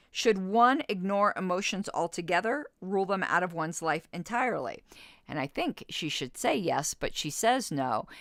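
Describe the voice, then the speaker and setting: Dry-sounding woman in her fifties, lively. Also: lowish voice, dry recording. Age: 50s. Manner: reads quotes then argues back with blunt disagreement. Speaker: podcast host. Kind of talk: reading an interview aloud and commenting.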